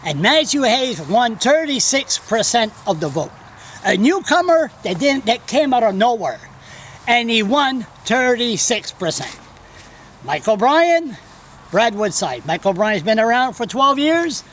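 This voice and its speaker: A man with a notably high voice rambles bluntly through his opinions, drifting from point to point and swearing now and then. He talks off the cuff to a camera that someone else holds, and faint background noise runs under the voice. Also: very animated, measured pace, a bit bright. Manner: rambling, blunt and digressive, with profanity. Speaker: blogger. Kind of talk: off-the-cuff video commentary. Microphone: camera held by another person.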